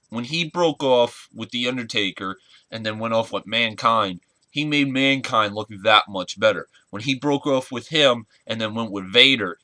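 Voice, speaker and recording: A man in his twenties giving an earnest, halting spoken tribute in a casual vlog, often searching for words. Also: medium pitch, sharp tone, no echo. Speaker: wrestling fan vlogger.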